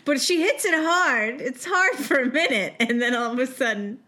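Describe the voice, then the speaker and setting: A woman's voice: sits high, normal speed, sharp tone. A woman co-hosting a casual movie review chat, giggly and amused. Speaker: podcast co-host.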